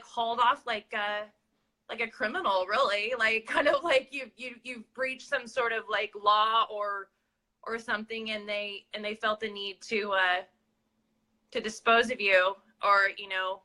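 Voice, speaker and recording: Brief: woman co-host, indignant, keeps restarting, piercing bright tone. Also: a little high, steady tone, measured pace. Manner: indignant, rambling with repeated restarts. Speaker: co-host interviewing. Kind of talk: casual interview commentary.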